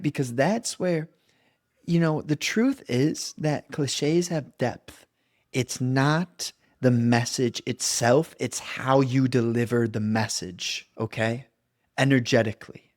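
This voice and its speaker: A man's voice: medium pitch, takes it slowly, darkish tone. Young adult man, coach, mid-range voice, earnest reflective delivery with frequent check-ins. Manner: earnest, loose, with many "right?" and "okay?" check-ins. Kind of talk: reflective monologue.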